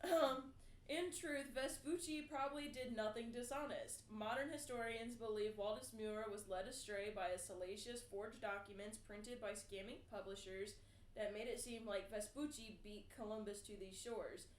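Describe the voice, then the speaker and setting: A woman's voice: fairly high pitch, moderate pace. Giggly woman reading fun facts. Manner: laughs often, reads facts with fillers. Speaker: podcast co-host. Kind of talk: casual podcast chat reading fun facts. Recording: echoey room with faint noise.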